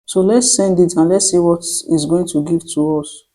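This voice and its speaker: Tutorial host talking thru steps, mellow tone, keeps restarting, slows down to spell out prompts. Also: medium pitch, steady tone, rough recording. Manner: step-by-step instructions with frequent restarts, slowing to dictate prompts. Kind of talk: screen-recorded tutorial voice-over.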